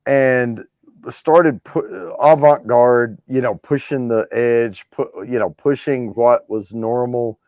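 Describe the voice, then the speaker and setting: A man's voice: mid-range voice, slow, a little mellow, dry recording, clean studio sound. Rambling man hosting a giveaway show. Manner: rambling, restarts often, storytelling. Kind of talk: casual chat about classic rock.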